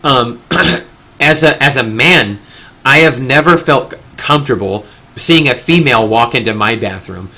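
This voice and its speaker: Hosting a laid-back discussion, this young man talks sincerely at length, rambling and frequently starting over. His mid-range voice is animated and sharp in tone, and he doesn't rush.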